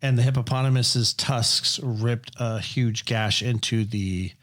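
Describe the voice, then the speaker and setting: A man's voice: mid-range voice, a little slow. Man profane rambling dad telling stories. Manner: profane, rambling, animated storyteller. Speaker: podcast guest, father. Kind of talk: casual storytelling.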